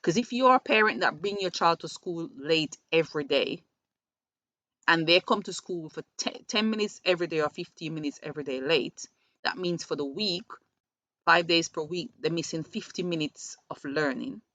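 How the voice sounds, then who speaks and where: A woman with a fairly low voice talks earnestly to parents, often repeating a word before she finds her phrasing. Her voice comes across dull and lo-fi in a dry recording. She sounds like someone who works with children giving practical advice. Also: normal speed, a bit bright, no echo. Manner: earnest, repeats words when restarting. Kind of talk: advice talk.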